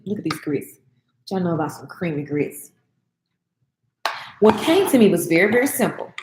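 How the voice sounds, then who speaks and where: A woman's voice: mid-range voice, background noise. Woman, casual cooking chat, talks to viewers as y'all, echoey kitchen. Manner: chatty, talks to viewers as y'all, Southern slang. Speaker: vlogger and business coach. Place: home kitchen.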